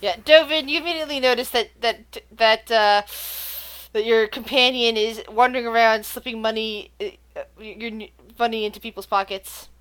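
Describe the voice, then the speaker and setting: A woman narrating a tabletop game as game master, in a lively, halting way with frequent restarts. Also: fairly high pitch.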